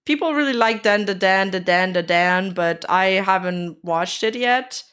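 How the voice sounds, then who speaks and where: Slow-talking woman with a sore voice. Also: mid-range voice, a bit bright, clean tone. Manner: laid-back, swears casually. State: sore voice after illness. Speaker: streamer reacting to videos. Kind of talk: casual stream chat.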